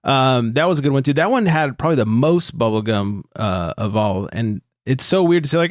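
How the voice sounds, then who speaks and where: A man co-hosting a podcast in loose, casual chat. He swears freely and laughs easily, at a middle pitch. His voice sounds dry and close, with no room around it. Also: expressive, brisk, few pauses, dry recording. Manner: laid-back, swears freely, laughs often. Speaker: podcast co-host.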